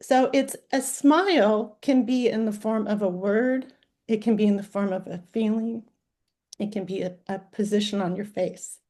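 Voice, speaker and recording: A woman's voice: medium pitch, moderate pace, warm tone. A woman in her sixties, a former dental hygienist turned life coach, talking earnestly and heartfelt in long runs of short listed phrases. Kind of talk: heartfelt personal talk.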